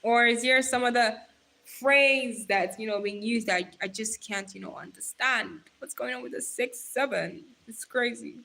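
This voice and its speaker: A woman livestreamer chatting casually, animated and laughing often as she teases and advises her viewers. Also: fairly high pitch, moderate pace, gravelly. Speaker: livestreamer reading chat.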